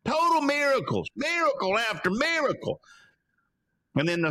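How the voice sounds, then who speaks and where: A man hosting his own show, retelling Bible stories in an animated, casual preaching style. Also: a little high. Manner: animated storyteller, laughing asides. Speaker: host.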